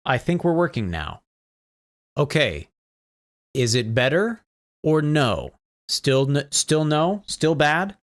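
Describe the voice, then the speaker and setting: Lively chatty male game streamer. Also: a little high, takes it slowly, pauses often. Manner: rambling, troubleshooting audio with chat, laughs often. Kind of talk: casual live-stream chat.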